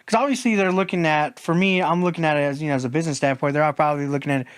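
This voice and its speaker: A man's voice: fairly high pitch, steady tone, racing, hardly any pauses, clear, resonant tone. A man co-hosting a podcast in casual chat, rambling through a frustrated story. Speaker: podcast co-host.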